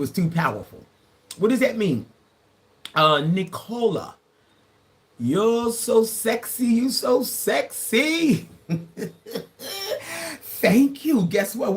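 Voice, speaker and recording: Give me a lively, playful woman in her sixties hosting a livestream. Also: mid-range voice. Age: 60s. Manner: playful, laughing, teasing viewers. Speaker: livestream host. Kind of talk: casual livestream chat. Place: indoors, live from Grenada.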